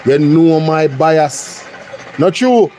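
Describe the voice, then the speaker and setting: A man's voice: on the high side, lively intonation, drawn-out words, mellow, soft background music. A Jamaican man hosting a reaction show, switching between patois and English with blunt, incredulous remarks. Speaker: host. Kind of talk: reaction commentary.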